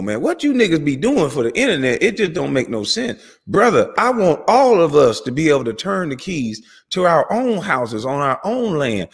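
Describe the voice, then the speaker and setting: A man's voice: husky, big-room sound. A man delivering an angry, profane commentary rant as host of his channel. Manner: heated, profane, rapid swings in pitch and volume.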